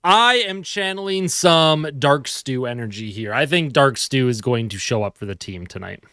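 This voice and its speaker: A man's voice: mid-range voice, animated, moderate pace, pushed and bright, clear, resonant tone, no echo. Sleepy man chatting in a dry room. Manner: chatty, reads and answers viewer comments. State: sleepy, yawning. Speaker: livestream host. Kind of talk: casual live fan commentary.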